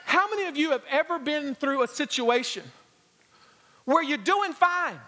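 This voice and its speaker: High, bright-voiced male preacher. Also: moderate pace, big-room sound, a little hiss or hum. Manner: animated storytelling with humor, acting out scenes. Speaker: guest pastor. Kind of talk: sermon. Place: church sanctuary. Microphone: handheld or stage microphone.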